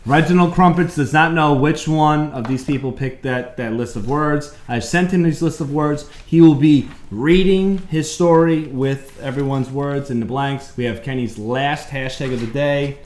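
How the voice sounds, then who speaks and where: A man hosting a podcast, calmly explaining a word game step by step in casual chat. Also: on the high side, normal speed. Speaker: podcast host. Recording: echoey room.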